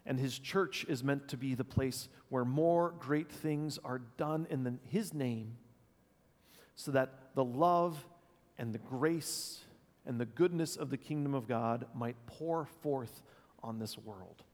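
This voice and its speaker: Male pastor, sermon, thoughtful delivery with ums and restarts, medium pitch, long reverb of a church hall. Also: slow pace, a little mellow. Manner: thoughtful, with frequent fillers and restarts. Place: church sanctuary.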